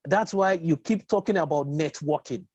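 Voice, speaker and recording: An interviewer asks long, rambling questions in a husky voice. The sound is dry and a little muffled. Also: medium pitch, normal speed, darkish tone, no room sound.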